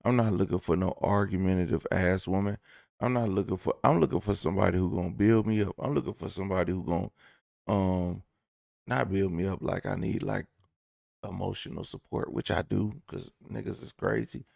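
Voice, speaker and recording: A man with a deep, heavily gravelly voice, recorded dry and close with no room sound. He rambles through a casual storytime rant, swearing and joking as he acts out little bits of dialogue. His delivery is loose and conversational. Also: fairly even intonation, a little fast, a little mellow, no echo. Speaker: vlogger.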